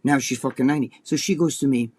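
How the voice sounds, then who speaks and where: A man's voice: medium pitch, fast talker, a little mellow. A man co-hosting a casual chat show, telling a long, rambling story full of swearing. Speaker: co-host.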